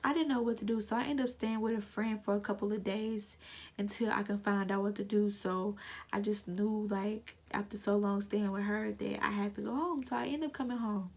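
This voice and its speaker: A woman's voice: mid-range voice, steady tone, a little fast. A young woman telling an earnest, emotional personal story in a vlog. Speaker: lash technician vlogger.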